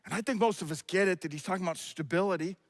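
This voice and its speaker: A middle-aged man, a pastor, preaching a sermon with passion and sometimes shouting. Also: sits high, very fast, no echo. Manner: impassioned, shouts out acted quotes.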